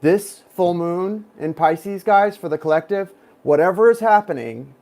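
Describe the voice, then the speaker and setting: A tarot reader in his thirties talks casually and at length to his viewers in a high, animated voice, a little slow, with vocal fry and a darkish tone. His chatty reading rambles into personal tangents and addresses viewers directly.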